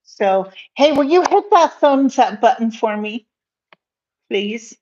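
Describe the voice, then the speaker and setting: A chatty woman rambles through a home cooking video, filling pauses and laughing often. She talks in a slow, unhurried way. The sound is dull and lo-fi. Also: a little high, lively intonation, darkish tone. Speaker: cooking vlogger. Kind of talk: casual cooking chat to camera.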